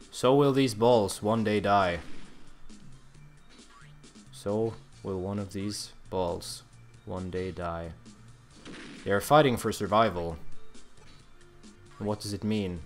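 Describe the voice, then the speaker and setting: A young man giving comedic gameplay commentary in a mock-solemn, grandiose deadpan manner. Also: lowish voice.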